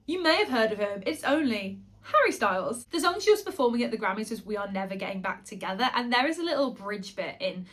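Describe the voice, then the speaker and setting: A woman talking straight to camera in a casual, gossipy vlog, her voice sitting a little high. She is chatty and breezy and keeps breaking off into asides and quick self-corrections. It sounds like a pop singer sharing stories with her viewers. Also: expressive, fairly bright tone.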